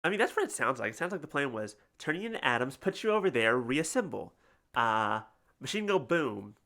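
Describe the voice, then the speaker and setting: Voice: mid-range voice, big pitch swings, fairly quick, fairly bright tone. A game streamer commenting casually and making self-deprecating jokes between reading lines. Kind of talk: casual let's-play commentary.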